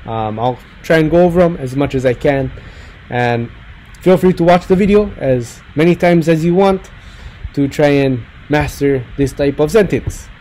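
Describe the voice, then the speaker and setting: A man teaching a recorded slideshow lesson, repeating phrases slowly for the learners to echo. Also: on the high side, dark tone, a little hiss or hum. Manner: slow, drills phrases with rising repetition. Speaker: Hawaiian language teacher.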